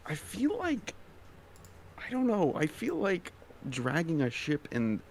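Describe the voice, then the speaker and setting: A man playing a tabletop game in casual chat, easygoing and halting. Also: on the high side, huge pitch swings, gravelly, background noise. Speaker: player. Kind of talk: casual tabletop role-play.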